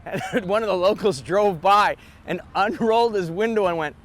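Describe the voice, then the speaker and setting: A man's voice: high-pitched, moderate pace, slight background noise. A comedian telling an anecdote in an interview, chuckling as he talks. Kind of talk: interview storytelling.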